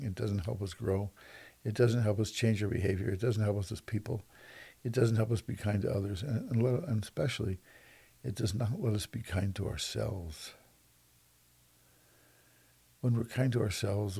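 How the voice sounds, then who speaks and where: Halting low gravelly man. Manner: halting, repeats words often, slows to soft emphasis. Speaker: speaker on self-judgment and kindness. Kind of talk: reflective monologue.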